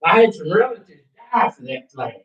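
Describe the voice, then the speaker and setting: Man, interviewee; cursing, worked-up, bragging delivery; high voice; recorded far off in an echoey room, dull sound. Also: very animated, brisk. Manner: profane, agitated, boastful. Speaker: interviewee recounting a UFO encounter. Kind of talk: rambling storytelling to an interviewer.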